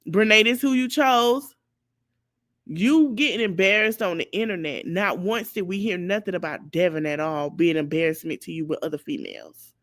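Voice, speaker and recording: A woman podcast host giving casual commentary, talking straight to her viewers in an animated way. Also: fairly low pitch, normal speed, no room sound, studio quality.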